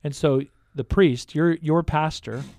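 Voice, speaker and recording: A man's voice: fairly high pitch, unhurried, a little mellow, dry recording. A man who is a parish priest, casually and enthusiastically explaining church rituals to listeners. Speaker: pastor.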